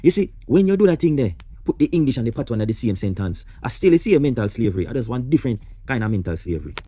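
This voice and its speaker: Fast-talking Jamaican man ranting. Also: mid-range voice, sing-song, dark tone, no echo. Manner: passionate, rhetorical, repeats questions. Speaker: reaction host. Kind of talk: opinionated commentary.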